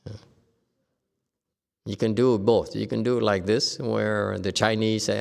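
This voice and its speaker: A man teaching a Buddhist Dharma lecture, telling stories in a lively way and acting out the people he quotes. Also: on the low side, a little slow, vocal fry, big-room sound. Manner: lively storytelling, acts out quoted speakers, laughs often. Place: Buddhist meditation hall.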